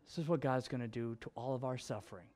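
A male pastor preaching a sermon with personal storytelling, in an expressive, conversational way that moves between emphatic and hushed. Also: mid-range voice, fast. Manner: conversational with restarts and fillers.

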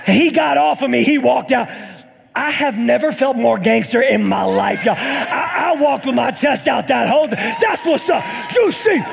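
A young man preaches with a very high, gravelly voice, calling out to his congregation and rising into shouted, sing-song peaks. The sermon is recorded live in a church hall with a long echo. A faint congregation can be heard behind him. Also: normal speed, crowd noise, background noise. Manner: storytelling with call-outs to the congregation. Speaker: pastor.

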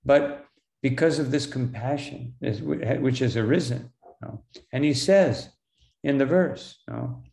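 A man, a monk, lecturing on scripture in a halting way, with many fillers and "no?" tags, slowing down for Sanskrit terms. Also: medium pitch, dark tone, reverberant. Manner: slows for Sanskrit terms and quotes.

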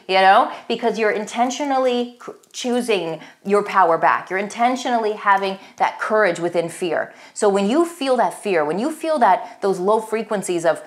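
A woman's voice: medium pitch, expressive, a little fast. Earnest woman giving a tarot reading. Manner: earnest and encouraging, repeats phrases, addresses listener as "beautiful soul". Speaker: tarot reader. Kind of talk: recorded tarot reading, motivational.

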